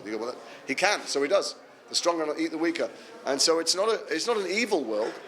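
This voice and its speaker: English man telling lively anecdotes. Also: medium pitch. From England. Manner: animated anecdotal storytelling, self-deprecating humour. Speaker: actor answering fan questions. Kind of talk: convention panel Q&A.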